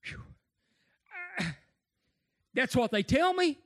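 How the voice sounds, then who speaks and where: A preacher, a man with a strikingly high and bright voice, delivers an impassioned sermon. He rises into shouts and tearful cries as he builds. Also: lively intonation, takes it slowly, long pauses.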